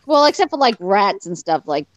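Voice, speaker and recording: A woman in casual chat on a video call, animated and quick to laugh. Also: medium pitch, slight background noise.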